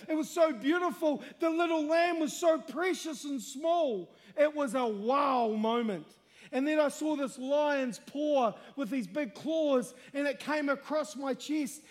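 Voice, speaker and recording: High-voiced man preaching in a reverberant hall. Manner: swings from quiet storytelling to loud shouted preaching. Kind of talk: sermon, testimony.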